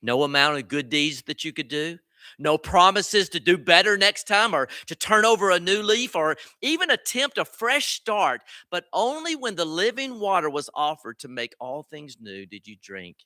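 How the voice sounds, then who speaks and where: Man, pastor, sermon, earnest rhetorical questions, crisp tense tone, dry sound. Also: high-pitched, sing-song, moderate pace, bright, forceful tone, dry recording.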